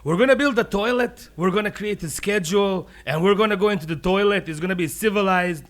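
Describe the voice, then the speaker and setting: Bossy storybook bear king, blustering and excitable, put on by a man telling a joke. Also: high voice, fast, voice pushed up. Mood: commanding. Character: bossy male bear, self-styled forest king.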